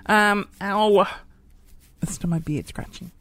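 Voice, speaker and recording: A man's voice: high-pitched, measured pace, bright, forceful tone. A man hosting his podcast in casual, rambling, self-deprecating chat. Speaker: podcast host.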